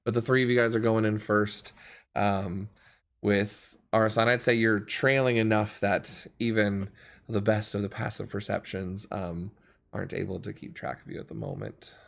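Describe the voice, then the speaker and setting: A man narrating as game master in a tabletop game, relaxed and laid-back, with frequent ums. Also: lowish voice, normal speed, vocal fry. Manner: relaxed, many ums, laughs easily.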